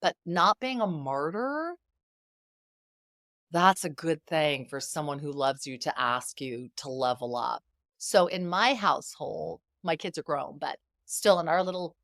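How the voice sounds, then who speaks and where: A middle-aged woman speaking as an interview guest, with a fairly low voice and a lively, emphatic delivery. She acts out quoted lines as she tells her stories, and the recording is close and dry. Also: no room sound. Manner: animated, emphatic storyteller who acts out quoted dialogue. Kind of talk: conversational interview.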